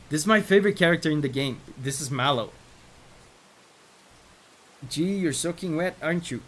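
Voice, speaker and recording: A man's voice: mid-range voice, fairly bright tone. A male gaming streamer gives chatty, enthusiastic let's-play commentary, laughing often and reading out chat messages. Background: game music.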